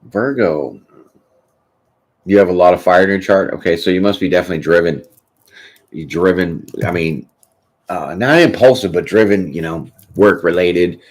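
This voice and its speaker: A man's voice: low voice, normal speed, long pauses. A man hosting a tarot channel, chatting casually and rambling through a live question session, often tossing in "you know what I'm saying". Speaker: tarot reader host.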